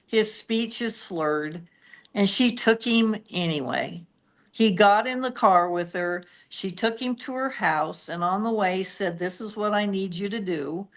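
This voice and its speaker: A woman co-hosting a true-crime podcast, retelling the case in steady, detailed storytelling. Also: mid-range voice, unhurried.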